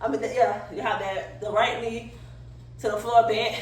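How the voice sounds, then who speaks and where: A woman's voice: on the high side, fairly even intonation, normal speed, a little mellow. Breathless woman vlogger in an echoey room. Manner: laughing often, chatty, informal. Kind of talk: casual vlog demonstration. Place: room indoors, demonstrating yoga poses. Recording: very echoey room, somewhat far from the mic.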